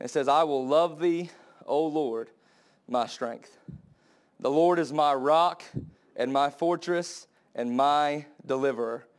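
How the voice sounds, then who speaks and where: A young adult man preaching a sermon to his church, impassioned and building to high, emphatic cries. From United States.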